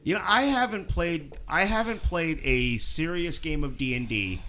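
A man's voice: a little high, expressive, moderate pace, pushed and bright. A man trading crude wisecracks with friends in casual talk. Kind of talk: casual banter.

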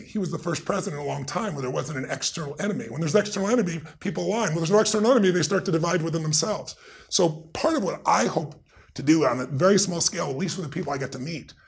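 A middle-aged man, a guest in a conversation, telling stories in an emphatic, animated way with a gravelly, raspy voice. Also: fairly high pitch. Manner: emphatic, swings into loud excited retellings.

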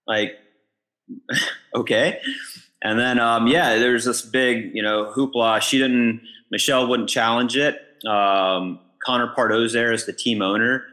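A man co-hosting a casual podcast, telling a story in an animated way and often repeating words as he goes. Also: fairly low pitch, normal speed. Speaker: pickleball pro and podcast co-host.

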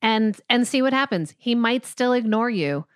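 A woman's voice: on the high side, expressive, normal speed, clean tone, no echo, clean studio sound. A middle-aged woman co-hosting an advice podcast, talking casually and directly to a listener. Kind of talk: casual chat, giving advice.

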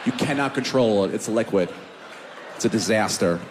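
A man doing a stand-up comedy set, animated, swinging from loud shouted bits to low mumbles. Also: moderate pace, long reverb tail, noisy background.

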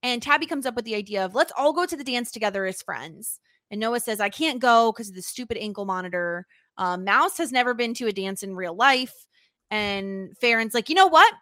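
A woman's voice: a little high, fairly quick, no echo, studio quality. A woman co-hosting a podcast, chatting casually and acting out characters' lines as she retells an episode. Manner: animated, acts out characters' lines while retelling. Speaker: podcast co-host. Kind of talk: casual recap chat.

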